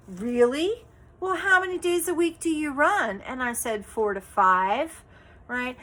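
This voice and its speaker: A woman's voice: a little high, a bit bright. A woman vlogging in a casual, chatty way, telling a story with many fillers and tag questions like "right?" and "okay?", sounding indignant and exasperated.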